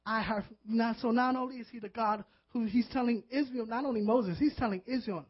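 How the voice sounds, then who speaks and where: A man, a pastor, preaching a sermon with earnest, animated delivery that builds into fervent emotion. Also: extremely high pitch, brisk, hardly any pauses, husky. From Puerto Rican background. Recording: dull lo-fi audio.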